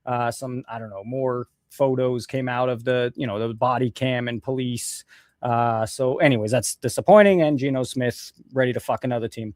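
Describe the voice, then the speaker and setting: A man's voice: medium pitch, fairly even intonation, normal speed, darkish tone, no echo, clean studio sound. A man hosting a casual live show, ranting and sarcastic with frequent swearing. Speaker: host.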